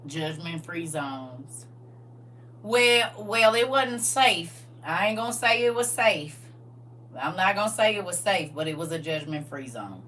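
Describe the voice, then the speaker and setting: A woman of about forty telling stories from her past in a casual, animated way, full of slang and laughter. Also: lowish voice, a little slow, distant mic, slight background noise. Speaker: livestream co-host. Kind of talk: casual storytelling chat.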